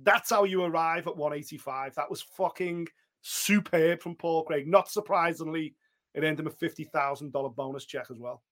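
Guy on a sports podcast, highish voice, emphatic short takes. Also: moderate pace, a bit bright. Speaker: podcast co-host. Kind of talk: casual sports chat.

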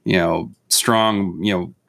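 A man co-hosting a podcast, chatting casually about movies in a quick, teasing way. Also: deep voice, steady tone, vocal fry, fairly bright tone. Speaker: podcast co-host.

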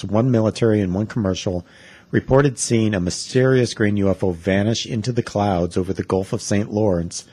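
A young man co-hosting a chatty podcast, reading a news report aloud in a dry, matter-of-fact way. His voice is low with a husky edge. The sound is close and dry, with no room around it. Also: warm tone, dry recording. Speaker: podcast co-host. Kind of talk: casual chat, reading news.

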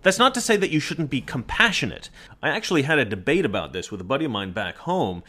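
A man's voice: medium pitch, sing-song, fast talker, bright, forceful tone. A man giving an opinionated, argumentative political monologue with emphatic delivery. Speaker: political commentator.

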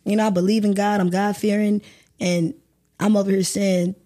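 Candid woman, warm low-key tone. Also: flat delivery, moderate pace. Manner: emotional, candid storytelling with swearing. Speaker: guest actor. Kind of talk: candid podcast interview.

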